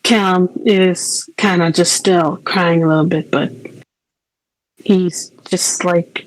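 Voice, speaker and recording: A woman's voice: fairly low pitch, steady tone, takes it slowly, dry recording, poor audio. A woman playing a tabletop game, narrating her character's actions hesitantly. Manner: hesitant, soft-spoken narration. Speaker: player.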